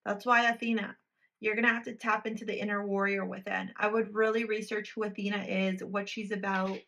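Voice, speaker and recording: Fairly quick and level, her medium-pitched voice is a touch bright with some vocal fry. She reads tarot cards for a pick-a-card video, speaking to viewers directly, bluntly, emphatically, and with free swearing.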